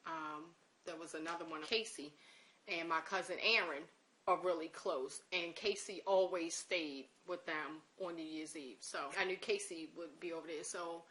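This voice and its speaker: Woman, interviewee, personal storytelling, animated, bright tense voice, quotes conversations. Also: fairly low pitch, unhurried, slight background noise. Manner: emotional recollection.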